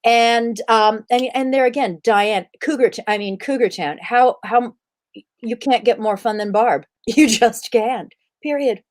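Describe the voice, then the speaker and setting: Woman guest, lively storyteller, slips into quoted voices, video-call interview. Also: a little high, unhurried. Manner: animated, acts out quoted voices. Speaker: actress guest.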